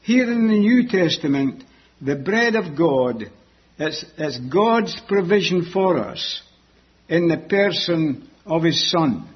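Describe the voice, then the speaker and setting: A man preaching a sermon that explains a Bible passage, deliberate and repeating key words for emphasis. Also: on the high side, lively intonation, husky, muffled recording.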